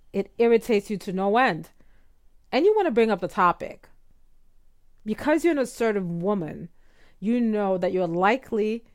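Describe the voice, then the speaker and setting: Woman coaching on podcast, demonstrative. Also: mid-range voice. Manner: demonstrates tones, rising uptalk in quoted examples. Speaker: podcast host and speech coach. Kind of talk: instructional podcast talk.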